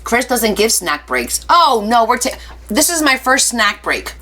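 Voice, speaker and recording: Woman, craft live-stream host, bright clear voice, chatty, playful asides, reads out viewer comments. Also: on the high side, very animated, a little slow. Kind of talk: casual live-stream chat.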